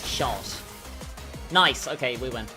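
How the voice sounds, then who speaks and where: A woman's voice: sits low, animated, moderate pace, over loud music. A woman streaming a game, chatting casually and thinking aloud as she plays.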